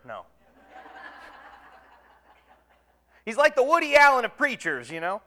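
A male preacher with a fairly high, smooth and resonant voice gives a relaxed, conversational sermon. He talks in a folksy way, pokes fun at himself and fills his pauses with ums and uhs. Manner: folksy, self-deprecating humor with many fillers.

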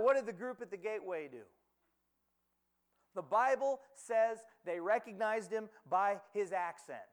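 A man preaching a sermon, retelling scripture with dramatic pauses, rhetorical questions and quoted lines. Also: high-pitched.

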